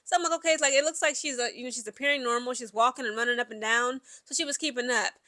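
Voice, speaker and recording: A high, bright woman's voice with a lilt, rambling through a game recap. She keeps piling on asides and fillers as she talks. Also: very fast. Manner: chatty, animated, lots of fillers and asides. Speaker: sports commentary vlogger. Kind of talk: casual sports recap chat.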